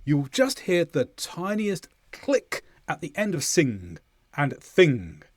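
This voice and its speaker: A man from southern England with a Southern English accent, teaching English pronunciation and exaggerating each sound slowly as he demonstrates it. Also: on the high side, huge pitch swings, no echo, studio quality. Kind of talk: pronunciation lesson.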